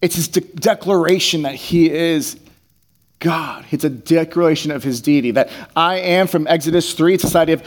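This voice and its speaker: A man's voice: fairly high pitch, normal speed. A man preaching a conversational sermon, reading scripture aloud and then explaining it in plain, casual speech. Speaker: pastor.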